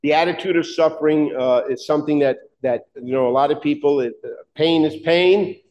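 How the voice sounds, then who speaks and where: A man delivers a sermon in a noticeably high voice. He talks emphatically but conversationally, throwing rhetorical questions at his listeners to drive each point home. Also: fairly quick, darkish tone, highs cut off. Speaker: preacher.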